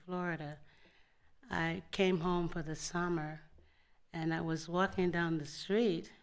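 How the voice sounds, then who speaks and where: Older woman reminiscing plainly on a panel. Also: lowish voice. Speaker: panelist, former civil rights activist. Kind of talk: recounting memories on a panel. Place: auditorium event on stage.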